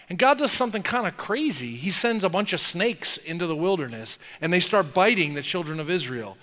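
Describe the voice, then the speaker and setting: Animated preacher in a reverberant hall. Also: male voice, high-pitched, brisk, hardly any pauses. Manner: animated preaching, acting out questions in an incredulous tone. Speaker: pastor. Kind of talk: sermon.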